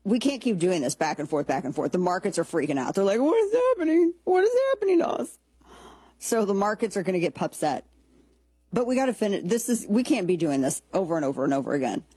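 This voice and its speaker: Husky-voiced woman hosting blunt political talk. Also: on the low side, expressive, quick pace, dark tone, dry recording. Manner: sarcastic, blunt and jokey, with frequent restarts. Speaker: political talk show host. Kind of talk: opinionated political commentary.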